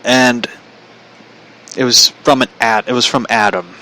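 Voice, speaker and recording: A man's voice: medium pitch, steady tone, a little slow, pushed and bright, rough recording. A man casually telling a personal story, chatty, relaying a conversation line by line and laughing often.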